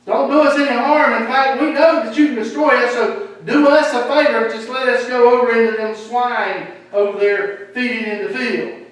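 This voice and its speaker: Guy doing demons begging to be let go, high pitched, big echoey church. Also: steady tone, normal speed. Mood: pleading. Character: pleading crowd of demons, male. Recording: echoey hall from far off.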